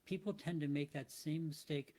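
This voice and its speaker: Male host, slightly raised pitch, casual reflective monologue, thinks aloud with restarts. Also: steady tone, normal speed, mellow. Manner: thoughtful, rambling, with frequent restarts. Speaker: motivational podcast host.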